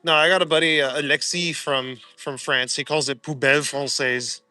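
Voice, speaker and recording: A young Canadian man chats casually with viewers on a live stream while walking outdoors, reading their comments, joking, and laughing often in a laid-back way. His fairly high voice holds a steady tone at a moderate pace and sounds pushed and bright, with faint music in the background.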